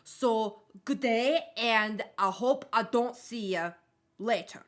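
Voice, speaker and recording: A woman's voice: on the high side, slow, a bit bright. A woman voicing a blunt, tipsy woman from the tavern, drawling her lines. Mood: drunken bluster. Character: drunk brash tavern woman.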